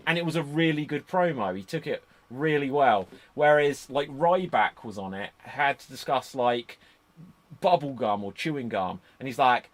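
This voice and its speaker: A man's voice: medium pitch, animated, normal speed, fairly bright tone. A man hosting a casual chat, rambling into enthusiastic tangents, speaking into a computer microphone on a remote call. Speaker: podcast host.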